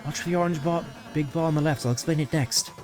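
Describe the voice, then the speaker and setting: A man voicing a gentle, shy young goat prince in a video game, speaking softly and politely with hesitant little ums. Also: fairly high pitch, fast talker, faint music behind, lightly acted. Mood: encouraging. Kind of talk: video game voice-over reading.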